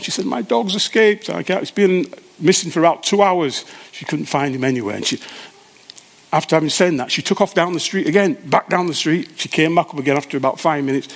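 A man preaching a sermon, telling a story conversationally and halting often to restart his sentences. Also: medium pitch.

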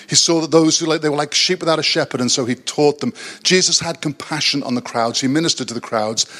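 Chatty pastor, higher voice. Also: male voice, fairly bright tone. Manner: conversational, self-deprecating, halting with many restarts. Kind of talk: sermon. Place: church hall.

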